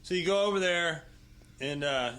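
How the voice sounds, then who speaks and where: A man's voice: a little high, normal speed, very noisy. A man telling rambling, profane stories in a casual interview, tagging nearly every line with "you know" and "right". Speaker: interview guest. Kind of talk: casual storytelling.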